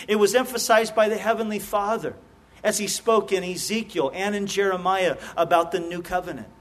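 A middle-aged man preaching a sermon as a pastor, earnest and often restarting his words in quick repetitions. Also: high-pitched.

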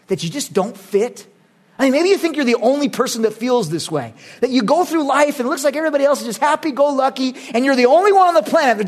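A middle-aged male pastor with a notably high voice delivers a sermon. He preaches emphatically, pressing his points loudly and then dropping to quiet, earnest asides. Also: slightly rough. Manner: emphatic, swings between loud urging and quiet earnest asides.

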